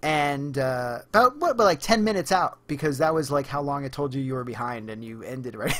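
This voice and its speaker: A mid-pitched podcast co-host tells a story in casual chat. The delivery is lively and full of fillers, with frequent laughter. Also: fairly quick, slight background noise.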